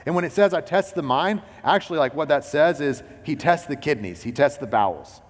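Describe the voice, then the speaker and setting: A man's voice: fairly high pitch, lively intonation, brisk, big-room sound. A man preaching a sermon as a pastor. He talks in a loose, conversational way, full of "like" and "you know".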